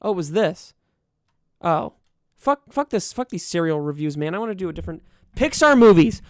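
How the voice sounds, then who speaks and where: A man's voice: high-pitched, very animated, moderate pace, dry recording, clean studio sound. Sarcastic, profane young streamer guy. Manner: profane, sarcastic, riffing on what he reads. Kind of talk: casual livestream commentary.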